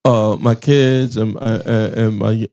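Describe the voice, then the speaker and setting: Va guy in his 40s hosting a podcast, loud and cussing, mellow voice, kinda dull lo-fi sound. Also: on the low side, fairly even intonation, slow pace. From Richmond, Virginia. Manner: loud, profane, laughing storyteller. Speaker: podcast host. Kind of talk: casual chat.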